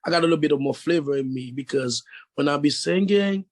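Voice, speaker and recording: A young man with a deep voice and a foreign accent, a guest musician rambling casually with lots of fillers in an interview. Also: fast talker, no echo. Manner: rambling, relaxed, many fillers like "you know".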